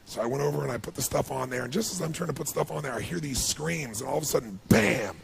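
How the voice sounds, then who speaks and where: A man giving an emotional storytelling speech as a motivational speaker, swinging from hushed to loud and high when moved. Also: expressive, fast talker, a little hiss or hum. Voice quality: gravelly.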